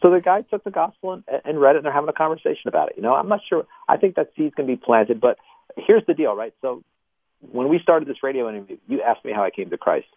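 A man calls into a radio interview and tells stories with lively mimicry. His voice comes over a tinny, dry phone line at a middling pitch. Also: fast, no room sound. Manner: animated storyteller, mimics voices. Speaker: ministry CEO guest.

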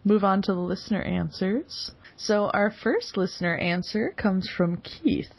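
A woman's voice: medium pitch, lively intonation, measured pace, creaky, breathy edge. A woman hosting a casual podcast chat, giggling and laughing often as she talks. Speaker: podcast host. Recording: dull lo-fi recording.

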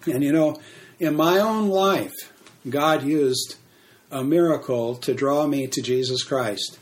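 Unhurried man preaching a sermon. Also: fairly high pitch. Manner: unhurried, with frequent fillers and restarts. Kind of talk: sermon teaching.

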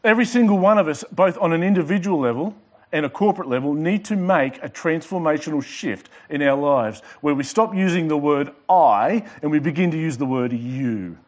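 A man's voice: on the high side, lively intonation. A male pastor preaching a sermon with emphatic delivery, repeating and underlining his words. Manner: emphatic preaching with pauses and repetitions.

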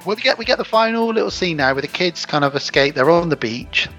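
A man's voice: a little high, expressive, fast, fairly bright tone, faint music behind. A man co-hosting a podcast, chatting casually about a film and acting out its lines. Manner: chatty, acts out movie lines in silly voices. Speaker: podcast co-host.

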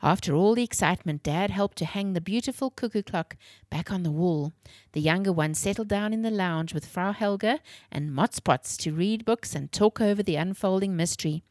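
A woman reading a children's story aloud in a clear, expressive way. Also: mid-range voice, moderate pace, no echo, clean studio sound.

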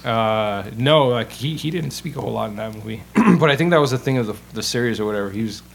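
A man in casual banter who swears freely and trails off into low mumbles. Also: lively intonation, fast talker, vocal fry, a little hiss or hum. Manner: laid-back, swears, drops into low mumbles. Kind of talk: casual chat.

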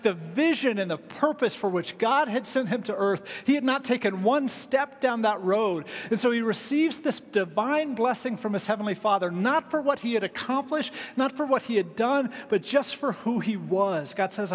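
A man preaches to his congregation in an easygoing, chatty manner, tossing in casual asides. His voice sits high for a man. The sound carries the long reverb of a large church sanctuary. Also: expressive, normal speed, few pauses. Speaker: pastor. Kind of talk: sermon.

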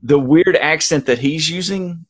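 A man's voice: a little high, unhurried. A man co-hosting a podcast, rambling through joking analogies in casual chat. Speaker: podcast co-host.

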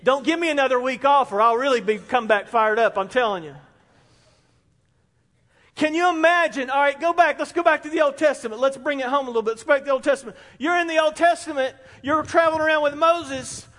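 Excitable preacher in a reverberant hall. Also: male voice, very high voice, fairly quick. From South Carolina. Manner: animated, excitable preaching with repetition. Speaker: pastor. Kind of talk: sermon. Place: church sanctuary. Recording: long reverb in a large hall.

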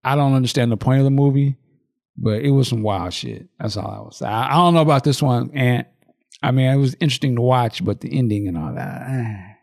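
This podcast co-host talks fairly quickly in a medium-pitched voice with vocal fry. He narrates a movie in colorful, profane detail, animatedly acting out quotes amid laughter.

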